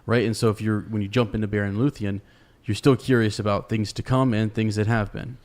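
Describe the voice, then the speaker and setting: A man's voice: lowish voice, little pitch movement, a little fast, darkish tone. A man co-hosting a podcast, speaking earnestly and hesitantly with many fillers. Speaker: podcast co-host. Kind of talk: casual podcast chat.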